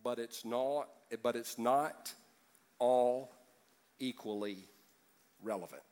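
A man's voice: mid-range voice, slow pace, darkish tone. A man preaching a sermon as pastor, joking and acting out voices from the congregation.

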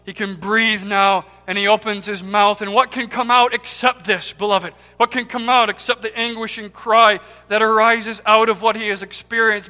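A man preaching a sermon with impassioned swings between loud cries and hushed, near-whispered words, repeating key words for emphasis. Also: sits high, flat delivery, normal speed, few pauses. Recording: long hall reverb with faint music.

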